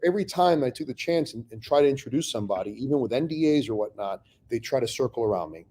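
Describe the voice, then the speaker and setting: A man's voice: mid-range voice, expressive, fast talker, warm tone. A man candidly telling stories from his real estate investing career in an interview, blunt and often profane, acting out past conversations.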